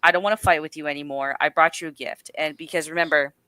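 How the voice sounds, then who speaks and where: A woman's voice: deep voice, quick pace, smooth, dry recording. A woman casually recapping a film on a livestream podcast, acting out the characters' lines as she tells it. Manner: animated storytelling, acting out quotes. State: a little nervous.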